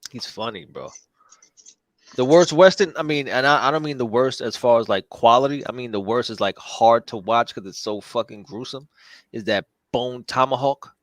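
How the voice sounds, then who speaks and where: A man in casual chat, profane and excitable, repeating himself, his voice jumping up when he gets worked up. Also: mid-range voice, normal speed, slight background noise.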